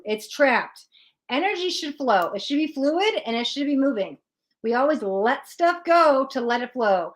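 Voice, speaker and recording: A young woman hosting a live tarot stream, talking earnestly and with lots of feeling to her chat about letting go of control. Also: a little high. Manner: earnest and animated, acts out her own panicked thoughts. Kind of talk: casual spiritual talk to a live chat.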